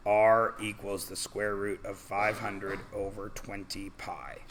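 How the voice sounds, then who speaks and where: A man's voice: lowish voice, sharp tone, a little hiss or hum. A male math teacher reviewing algebra in a classroom, working through problems step by step and quizzing students as he goes. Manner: walks students through steps with questions.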